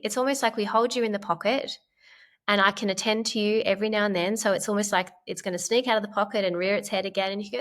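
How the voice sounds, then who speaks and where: A woman clinical psychologist, a podcast guest, explaining ideas gently and in a measured way, with frequent "like" fillers. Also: medium pitch, steady tone. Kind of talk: conversational podcast interview.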